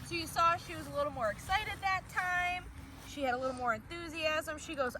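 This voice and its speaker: A young woman dog trainer explaining a recall exercise during an outdoor training demonstration, calm between bright calls to the dog. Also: brisk. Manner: explains calmly, then high excited calls to the dog. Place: outdoors on a walk. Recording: distant mic with outdoor noise.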